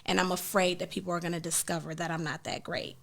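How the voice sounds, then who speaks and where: A woman book coach talking as a guest in an interview, animated and acting out what her clients say. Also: lowish voice, fast talker, vocal fry.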